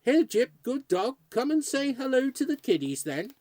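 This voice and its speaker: A man's voice: extremely high pitch, very animated, normal speed, a little mellow, no echo, voice pushed up, heavily acted. A man doing a smug, fussy old ghost. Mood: cheerful. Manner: folksy, fussy, patronizing. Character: chatty old male ghost, smug and cosy.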